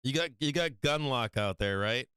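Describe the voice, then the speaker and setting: Guy on a stock stream, smooth clear voice, dry mic, rambly and cussing. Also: mid-range voice, lively intonation, normal speed, bright, forceful tone, no echo. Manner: rambling, mocking, swears often, talks to viewers. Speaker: stock market live stream host. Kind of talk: casual profane market chat.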